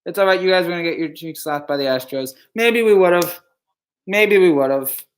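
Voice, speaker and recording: A man's voice: high voice, normal speed. A man on a live reaction stream, dejected and stammering, repeating himself.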